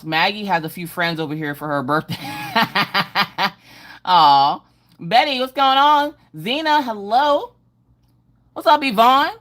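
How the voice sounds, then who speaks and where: A woman's voice: mid-range voice, fairly bright tone. A middle-aged woman hosting a casual livestream from home, greeting viewers by name in a sing-song way. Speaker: livestream host.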